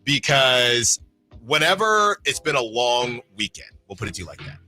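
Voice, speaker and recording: A male sports radio co-host with a bright, forward voice and a brisk, chatty delivery. He moves easily between loose banter and energetic promo reads into a studio microphone, with faint music underneath. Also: medium pitch. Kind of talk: casual radio show chat.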